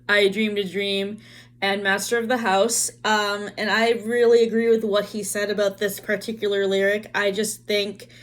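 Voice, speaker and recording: A woman's voice: mid-range voice, fairly bright tone. A woman co-hosting a casual chat, talking earnestly and hesitantly with many fillers.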